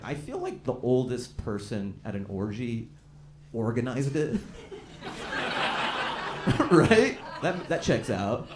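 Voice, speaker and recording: A male stand-up comic working a club stage, his voice swinging widely up and down as he drives toward punchlines. The room rings back around him, and a steady noise from the audience sits under every line. He slips into quick acted-out voices between plain conversational stretches. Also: medium pitch, reverberant. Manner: conversational, rising into loud punchlines and acted-out quotes. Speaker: stand-up comedian. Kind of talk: stand-up comedy set. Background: audience laughter.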